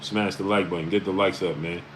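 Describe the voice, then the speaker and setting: Deep-voiced New York man greeting his chat. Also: fairly even intonation, noisy background. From Brooklyn, New York. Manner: reads out viewer names with quick greetings, blunt and emphatic. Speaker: live stream host. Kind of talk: casual live-stream chat.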